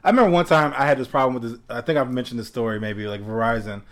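A young man casually telling a story, acting out both sides of a phone call, animated and laughing often. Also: mid-range voice, quick pace.

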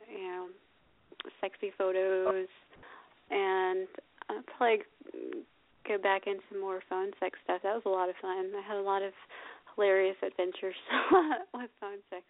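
A woman's voice: mid-range voice, steady tone, measured pace, dry recording. A young woman hosting a casual call-in radio interview, chatty and giggly, often hesitating with ums. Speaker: radio show host. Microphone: phone line. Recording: tinny phone line.

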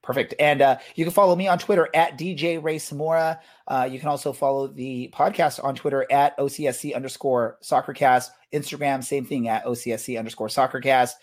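A man hosts a casual podcast and drifts through his points with plenty of ums and restarts. His voice sits at a middle pitch and stays easygoing. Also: fairly even intonation, brisk, hardly any pauses. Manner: loose, rambling, filler-heavy delivery. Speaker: podcast host.

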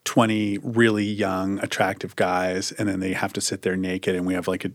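A low-pitched man speaks at a moderate pace as a co-host on a casual podcast chat. The dry, clean studio recording captures his relaxed rambling, packed with "likes" and restarts.

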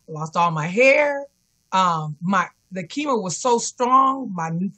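A woman's voice: medium pitch, expressive, a little slow, bright, forceful tone. A woman guest on a remote call telling an interviewer her personal story earnestly, often repeating encouraging self-talk. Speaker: guest, cancer survivor and fitness instructor. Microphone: remote call connection.

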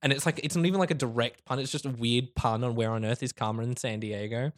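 An Australian man co-hosting a podcast, telling filmmaking stories in a casual, animated way with frequent laughs and swearing. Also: medium pitch, quick pace. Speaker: podcast co-host. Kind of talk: casual chat, storytelling.

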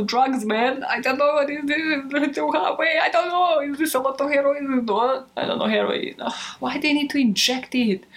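A young adult woman hosting a true crime show, chatting casually at home in outtakes, rambling and swearing with self-mocking laughs. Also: mid-range voice. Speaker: true crime podcast host.

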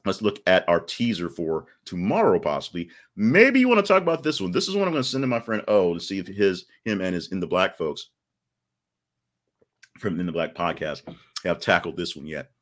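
Male podcast host, deep voice, chatty news rundown with wry asides. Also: lively intonation, normal speed. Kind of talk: casual news commentary.

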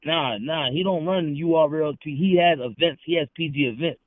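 A heated man with a fairly high voice comes through a tinny, phone-like line with no room sound. He argues hard, repeats his points and speaks in street slang as a podcast guest. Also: normal speed, no echo. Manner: heated, repetitive, confrontational, slangy.

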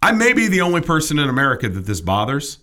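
A middle-aged man riffing in a loose comedic chat, his voice bright and forceful. He rants with mock indignation, and his pitch swings widely as he makes his points. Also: huge pitch swings, quick pace. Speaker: podcast co-host.

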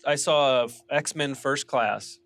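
A man's voice: medium pitch, slow, a bit bright. A man co-hosting a podcast, telling stories in casual chat with laughs in his voice. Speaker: podcast co-host.

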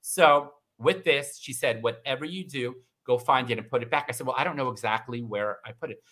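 A middle-aged man telling a personal story in casual conversation, animated and acting out the voices of the people in it. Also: a little fast. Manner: animated, acts out quoted voices with big pitch jumps. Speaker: guest.

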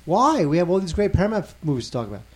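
A man's voice: high-pitched, very animated, rapid-fire. A man co-hosting a film podcast, chatting casually and teasing his co-host. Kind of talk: casual chat about films.

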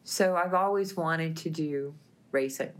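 A woman with a fairly low voice tells a lively story, acting out the lines of each person. She talks in a plainspoken, animated way as a guest on a talk show. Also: a little slow. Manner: animated, laughing, plainspoken retelling. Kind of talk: lively storytelling with quoted dialogue.

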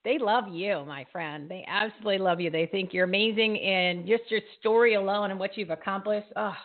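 A woman's voice: medium pitch, a little fast. A woman hosting a casual live interview, bubbly and laughing often, sometimes losing her train of thought. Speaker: host. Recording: tinny phone-like line.

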